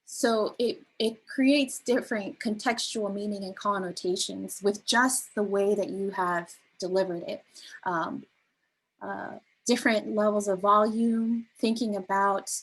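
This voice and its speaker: Soft-spoken woman teaching a workshop. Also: medium pitch, steady tone, a little slow, husky, poor audio. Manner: gentle, many ums and restarts. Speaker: workshop facilitator.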